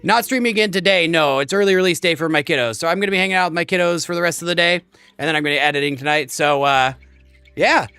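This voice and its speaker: Soft background music accompanies a man in his thirties as he casually chats with his stream audience during a game, rambling and friendly. He talks fast in a fairly high, bright, forceful voice that is clear and resonant, in a dry recording.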